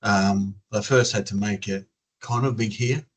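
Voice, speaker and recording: A man's voice: lowish voice, fairly even intonation, unhurried, rough recording. A man from Australia with an Australian accent, chatting loosely in an interview, full of fillers and restarts. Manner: rambling, many fillers and restarts. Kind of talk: casual interview chat. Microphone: video call.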